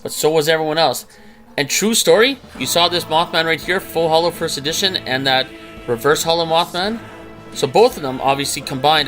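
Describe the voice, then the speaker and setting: Chatty man with a higher voice. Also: fairly bright tone. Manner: chatty and incredulous, laughing at his own old spending. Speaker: trading card collector and channel host. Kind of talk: casual commentary over a screen recording.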